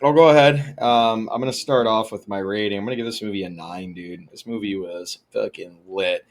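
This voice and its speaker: Low-voiced man, blunt and profane. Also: brisk. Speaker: podcast co-host. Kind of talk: casual chat.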